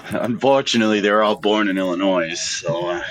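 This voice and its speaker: A man's voice: on the low side, fairly quick, a bit bright. A man with a Boston accent on a podcast, joking in a mock-therapist manner. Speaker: wrestler guest. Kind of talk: casual podcast chat.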